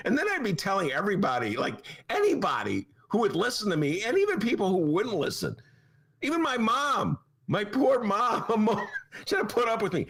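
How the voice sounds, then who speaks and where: Male columnist-host, sarcastic comic riffing, extremely wide pitch swings. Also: brisk, husky. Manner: animated and sarcastic, jumps to high mock voices. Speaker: podcast host, newspaper columnist. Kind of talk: casual comic monologue.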